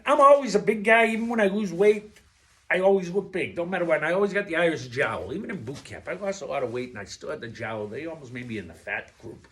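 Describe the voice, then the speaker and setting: A man talking straight to his viewers in a rambling casual monologue, blunt and profane, who keeps drifting off topic. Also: on the high side. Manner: digressive and profane, loses his thread; blunt and animated. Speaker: vlogger.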